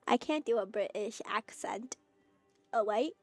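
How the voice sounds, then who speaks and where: Woman streamer, playful and teasing, unhurried delivery, dry sound, faint music behind. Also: on the high side, no room sound. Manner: playful, flirty, talks to chat. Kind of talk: casual game streaming.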